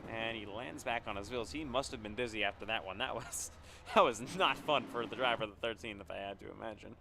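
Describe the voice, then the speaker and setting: A young man calling live play-by-play for an online racing series, excitable and exclaiming at crashes. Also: lowish voice, fairly quick, gravelly. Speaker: race commentator. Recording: loud racing game engine noise behind.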